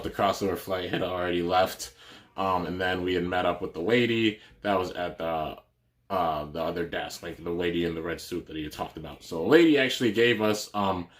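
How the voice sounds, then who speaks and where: Low-voiced male YouTuber, casual rambling storyteller. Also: a bit bright. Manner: rambling, many fillers and restarts.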